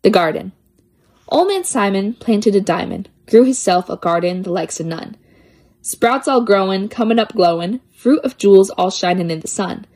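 A woman's voice: medium pitch, lively intonation, normal speed, a little mellow. A woman reading children's poems aloud with a lilting, playful sing-song delivery. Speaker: poetry reader.

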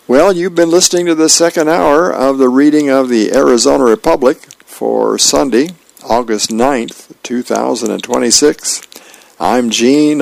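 A man, a volunteer reader, reading the newspaper aloud for a radio reading service in a plain, unhurried way with small hesitations. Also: medium pitch, gravelly, dry recording, poor audio.

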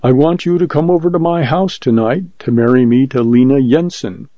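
A man voicing a huge, stubborn farmer who speaks quietly and bluntly in few words. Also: medium pitch, expressive, measured pace, no room sound. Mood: quiet insistence. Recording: muffled lo-fi recording.

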